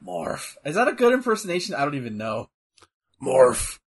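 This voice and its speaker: An excitable man in a casual watch-along chat, reacting loudly to the action and cursing when something surprises him. His voice is husky and fairly high for a man, and it swings widely in pitch as he talks. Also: rapid-fire. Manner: excitable, swears and exclaims at the action. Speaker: co-host.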